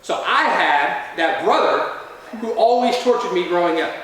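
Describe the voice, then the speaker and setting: A man's voice: high-pitched, expressive, moderate pace, fairly bright tone. A man giving a motivational talk to students in a large university lecture room, telling a story and often checking in with the crowd. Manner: storytelling, keeps checking in with "all right?". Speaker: motivational speaker. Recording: echoey hall from far off.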